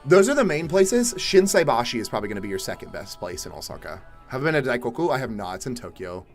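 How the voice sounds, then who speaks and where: A young man from Atlanta, Georgia, chatting casually on a live stream, reading viewer questions and answering in a laid-back way, with the odd swear word and loud exasperated outbursts. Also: medium pitch, sing-song, fast. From Atlanta, Georgia, USA. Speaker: livestream host. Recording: faint music behind.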